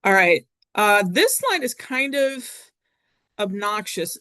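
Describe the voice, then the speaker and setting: A woman's voice: mid-range voice, expressive, unhurried, sharp tone, dry recording. A woman leads a recorded Latin lesson in an easygoing, chatty manner, stopping often with fillers and corrections. Her voice sits in a middle range and is captured close and dry. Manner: chatty, self-correcting, frequent ums. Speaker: Latin teacher.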